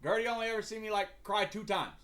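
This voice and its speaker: This livestream host is a young man whose voice is high, fast, and a bit bright. He chats in a loose, rambling way, full of slang and swearing, and frequently trips over his words.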